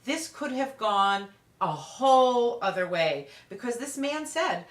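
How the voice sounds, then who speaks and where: A woman parenting expert telling lively anecdotes about parents and teenagers in a storytelling talk. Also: a little high, slow pace. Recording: echoey room.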